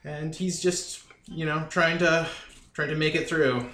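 Bright-voiced player in an echoey room. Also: male voice, on the high side, measured pace. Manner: relaxed, with filler "you know". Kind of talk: casual podcast chat. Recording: echoey room with faint noise.

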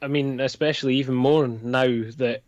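A Scottish man chats as a podcast co-host, laughing often and stumbling over his first words. His voice sits at a middle pitch. The recording is dry and close, with no room echo. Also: fairly even intonation, moderate pace, muffled recording. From Scotland. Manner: laughs a lot, repeats words when starting. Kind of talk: casual chat.

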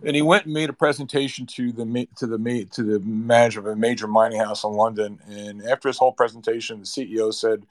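A man's voice: lowish voice, fairly even intonation, fast, few pauses. A man hosting an interview, telling stories with enthusiasm and stumbling through restarts as he asks questions. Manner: enthusiastic storyteller, many restarts and stammers. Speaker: host.

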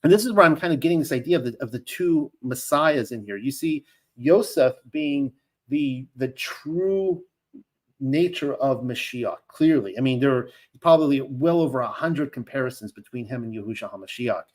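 A man's voice: mid-range voice, animated, normal speed. A man teaching a Bible lesson, reading scripture aloud and breaking off into conversational commentary full of asides and restarts.

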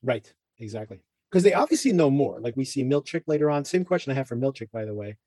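Male podcast host, chatty recapper; warm, slightly husky, dry close mic. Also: medium pitch, sing-song, quick pace, no room sound. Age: adult parent. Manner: chatty, rambling with fillers and asides. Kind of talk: casual TV recap chat.

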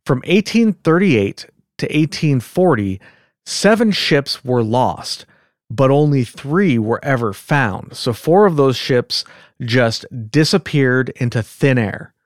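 Brief: Californian male podcast host, mid-pitched, chatty and rambling, dry close sound. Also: expressive, no echo. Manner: chatty, rambling, quick to laugh. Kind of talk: casual podcast chat.

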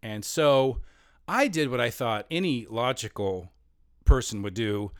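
A man's voice: mid-range voice, expressive, measured pace, smooth, no echo, clean studio sound. A man in his fifties telling a long personal story in a rambling, self-mocking way, often laughing as he talks.

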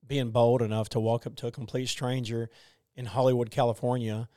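A man in his forties talks through a faith question in a relaxed group chat, stopping and restarting often. His voice is smooth and clear. The sound is close and dry. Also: mid-range voice, dry recording. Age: 40s. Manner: halting, many fillers and restarts. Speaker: group discussion member. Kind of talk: casual faith discussion.

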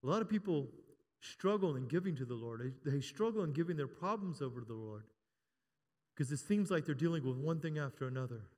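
A man's voice: fairly high pitch, animated, fairly quick, darkish tone. A man in his fifties preaching a sermon in a church, joking with the congregation and rising to emphatic calls. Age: 50s. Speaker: pastor. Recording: long hall reverb.

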